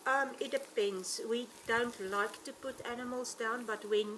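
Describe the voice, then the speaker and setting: A woman, a safari ranger, telling animated stories with frequent ums. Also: a little high, measured pace, slight background noise. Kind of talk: telling anecdotes in an interview.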